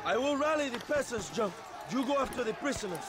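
Male rebel leader, high and urgent over loud game music. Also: lively intonation, a little fast. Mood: commanding. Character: male revolutionary leader rallying the peasants. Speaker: game character.

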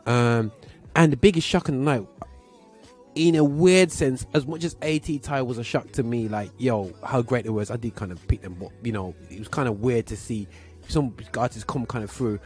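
A man's voice: medium pitch, moderate pace, darkish tone, faint music behind. A man with a Birmingham accent hosting a gospel show, chatting casually in a rambling, slangy way that is full of filler phrases. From Birmingham, England. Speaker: show host.

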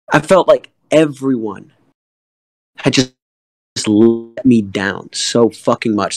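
A young man tells a personal story in a mid-pitched voice, halting and emotional, with lots of fillers and the odd curse. The sound is dry and close, with no room around it. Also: no room sound, rough recording. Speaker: guest artist in a community AMA.

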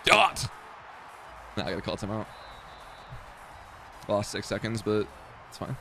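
A man's voice: on the low side, big pitch swings, unhurried, creaky, sharp tone, faint music behind. A young man casually commenting on his own football video game play, talking to himself, swearing and mocking his own mistakes. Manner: swearing, self-deprecating, talks to himself while playing. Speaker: gaming streamer.

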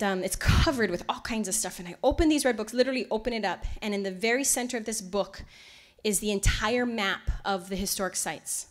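A woman giving a lecture, telling stories in an animated way and acting out the voices of people she quotes. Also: mid-range voice. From Hawaii. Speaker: lecture presenter. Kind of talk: storytelling lecture.

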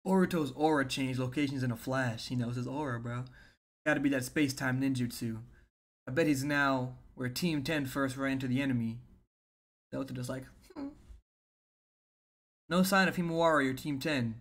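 A man hosting a casual manga reaction, bursting with excitement and slang. He stumbles over words and restarts his sentences as he reads along. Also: medium pitch, normal speed.

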